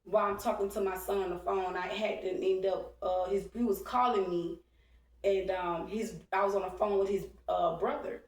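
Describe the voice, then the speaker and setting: Speaking at normal speed in a steady, mid-range voice, a drawling woman in her forties from Texas vents bluntly and with plenty of swearing in a monologue to her vlog camera. Her tone stays emphatic and combative, while roomy echo and distance from the mic make her sound a little far off.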